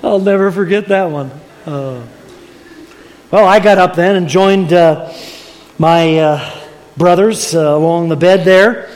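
An older man tells a sermon story in a folksy, chuckling way. His voice sits a little high for a man. It rings out in a large church with a long reverb tail. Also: a little mellow. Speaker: preacher.

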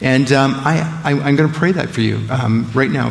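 Gravelly preacher in an echoing church. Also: male voice, medium pitch, normal speed, few pauses. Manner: dramatic shifts between loud emphasis and hushed quotes. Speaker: guest preacher. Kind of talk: sermon and prayer. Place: church sanctuary.

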